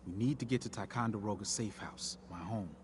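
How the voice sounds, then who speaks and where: A man's voice: on the low side, fairly quick, crowd noise, close to an everyday voice. An actor playing an easygoing, friendly male resistance agent in a video game, talking in a chatty, reassuring way.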